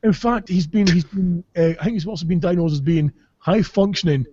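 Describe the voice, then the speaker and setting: A man's voice: high voice, brisk, warm tone, muffled recording, a little hiss or hum. A man from Caithness with a Scottish accent, a podcast host telling rambling, sweary comic stories and laughing as he goes. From Caithness, Scotland. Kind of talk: casual comic storytelling.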